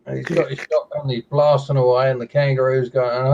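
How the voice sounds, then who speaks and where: A man's voice: medium pitch, little pitch movement, fairly quick, darkish tone, far from the mic, dull audio. A man in a casual chat, telling tall stories with dry humor. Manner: dry joke-telling storyteller.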